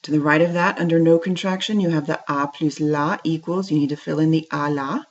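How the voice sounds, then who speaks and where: A woman's deep voice, fairly even in intonation and fairly quick, carries a classroom French lesson where she patiently speaks French phrases and translates each one. The recording is dull and lo-fi.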